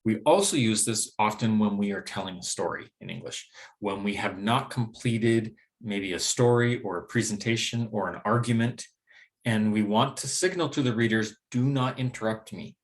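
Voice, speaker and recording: A man's voice: lowish voice, normal speed. A man giving a recorded pronunciation lesson, explaining steadily with frequent hedges like "sort of" and "maybe.". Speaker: English pronunciation teacher. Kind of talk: recorded lecture with slides.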